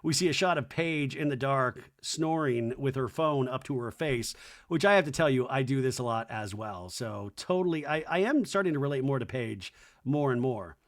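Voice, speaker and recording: Recapping a reality show on his podcast, this host speaks at a normal speed with lively intonation. His tone is casual and jokey, and he keeps slipping into low, mocking voices to imitate the people he quotes.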